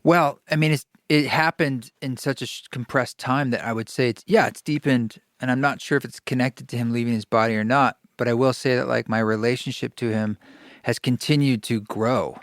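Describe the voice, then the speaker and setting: Man, mid-pitched voice, dry close sound, lively restarting storyteller. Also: normal speed, no echo. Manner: animated, stammering storyteller with many restarts. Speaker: podcast guest, kirtan musician. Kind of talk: casual storytelling conversation.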